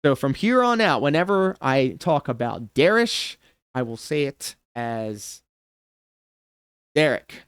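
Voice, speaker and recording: A man hosting a livestream reaction show, commenting casually with sarcasm and sudden animated outbursts. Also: medium pitch, unhurried, smooth, dry recording, studio quality. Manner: animated, sarcastic, bursts into shouts and laughter.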